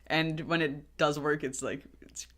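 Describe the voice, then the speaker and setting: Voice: mid-range voice, little pitch movement, measured pace, fairly bright tone. A podcast co-host in casual chat about fan fiction, laid-back and giggly, adding short remarks.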